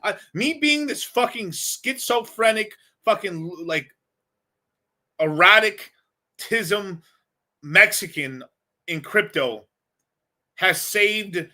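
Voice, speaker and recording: A man's voice: high-pitched, expressive, slow pace, long pauses, sharp tone. A male host answering viewer questions in a casual livestream, rambling, blunt and full of profanity.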